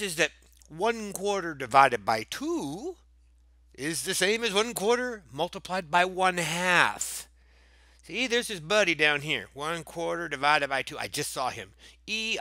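A man walks through fraction word problems in a playful review lesson, cracking jokes and tossing in silly voices between the steps. His voice is bright and a little high for a man, and the sound is close and dry with no room echo. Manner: goofy, jokey, breaks into silly voices and asides. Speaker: math teacher.

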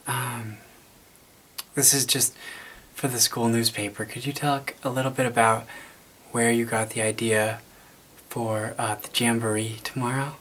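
A man playing a mock school newspaper reporter in a comic character sketch, talking in an awkward, halting way, full of fillers and apologies. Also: mid-range voice, fairly bright tone, slight background noise.

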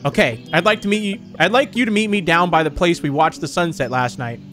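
A man's voice: fairly high pitch, a little fast, fairly bright tone, soft background music, natural voice. A man reading aloud the lines of an eerie, doting mannequin mother from a horror game in his own plain voice. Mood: coaxing.

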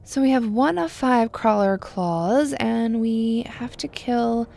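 Young woman, let's-play host; unhurried, wry, gravelly voice. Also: on the high side, warm tone. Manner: chatty, wry, drops to a murmur. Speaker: gameplay video host. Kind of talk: casual let's-play commentary.

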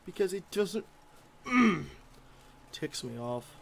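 A man's voice: fairly high pitch, lively intonation, unhurried, fairly bright tone. A man giving gameplay commentary as a gaming YouTuber, grumbling and easily irritated.

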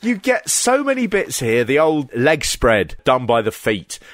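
A man hosting a podcast, animated and laughing as he acts out quoted lines. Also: mid-range voice, measured pace, a little hiss or hum. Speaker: podcast host. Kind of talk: casual podcast chat.

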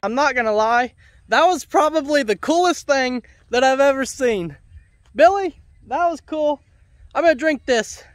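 A man's voice: very high voice, lively intonation, moderate pace, no echo, studio quality. A man vlogging outdoors on his homestead, chatting with his animals and scolding and coaxing them by name. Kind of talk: casual vlog talking to farm animals. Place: outdoors on a farm.

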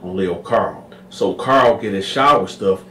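A man's voice: deep voice, measured pace, fairly bright tone, recorded from a distance, a little hiss or hum. A man telling a prison story in a casual, slangy way, talking to his listeners directly. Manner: slangy, addresses listeners as y'all. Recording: echoey room, away from the mic.

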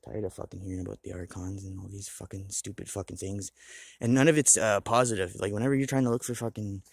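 A man's voice: lowish voice, steady tone, quick pace, creaky, husky, no room sound. A man talking to the camera in a rambling, swearing monologue, restless and blunt. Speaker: vlogger.

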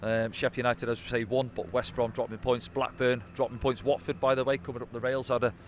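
A man talks football at a quick clip, breaking down a match casually and tossing in little tag questions. His pitch sits mid-range. Faint traffic noise hums behind him outdoors. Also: flat delivery. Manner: conversational, tag questions like "didn't they?". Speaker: football pundit. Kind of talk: post-match analysis chat.

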